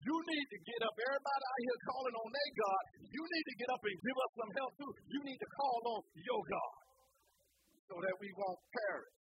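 A woman's voice: a little high, fairly quick, muffled recording, slight background noise, close to an everyday voice. A woman preacher voicing a ship captain who urgently wakes a sleeping passenger, in a commanding, insistent manner.

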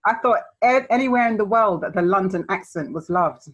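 Husky-voiced woman hosting a chatty podcast. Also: mid-range voice, expressive, a little fast, rough recording. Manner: chatty, laughs a lot, rambling. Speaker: podcast host. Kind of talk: casual interview chat.

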